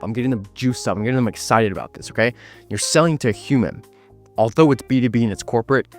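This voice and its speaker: A young man talks business straight to the camera with hard confidence, leaning on repeated words to drive each point home. His voice sits low, and faint music plays underneath. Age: young adult. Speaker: agency owner giving business advice. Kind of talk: direct-to-camera business vlog.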